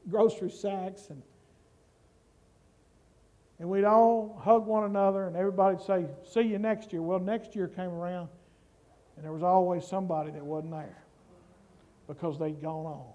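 A man preaching a sermon, slow and emphatic, building up to shouts. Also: high-pitched, muffled recording. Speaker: pastor.

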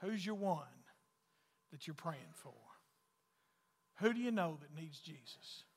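A man preaching a folksy sermon as pastor, swinging between loud calls and hushed, intimate lines. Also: a little high, expressive, takes it slowly, slightly rough, long reverb tail.

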